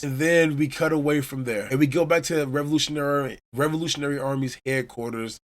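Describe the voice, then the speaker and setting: A man's voice: a little high, fairly even intonation, fast talker, hardly any pauses. Enthusiastic man recapping a story. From Chicago, USA. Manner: enthusiastic storyteller retelling scenes. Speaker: podcast host. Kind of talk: casual manga chapter recap.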